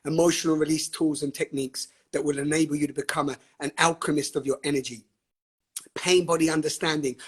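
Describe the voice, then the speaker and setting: A man's voice: on the high side, slightly rough. A man hosting a live online session, talking with fiery, emphatic passion, laughing often and swearing freely. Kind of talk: passionate live-stream talk. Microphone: webcam or phone on a live stream.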